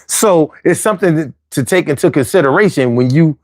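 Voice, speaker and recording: Philly guy talking casual advice, kinda high voice, dry close sound, slangy and jokey. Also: animated, fairly quick, a little mellow, no echo. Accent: Philadelphia. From Philadelphia. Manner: conversational, slangy, with fillers and jokey asides. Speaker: host.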